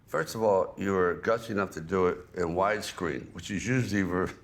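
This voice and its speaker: An older man with a very deep, low voice leads a conversational interview. He drawls slowly, musing as he talks and taking his time with each thought. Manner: drawling, unhurried, reflective. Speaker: host.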